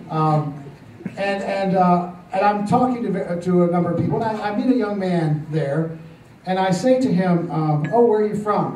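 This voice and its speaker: An older man telling a story to a congregation, halting with many fillers and restarts and a gently amused tone. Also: high-pitched, distant mic, a little hiss or hum. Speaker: church speaker telling a testimony. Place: church hall. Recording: roomy church recording from off-mic with faint ambience.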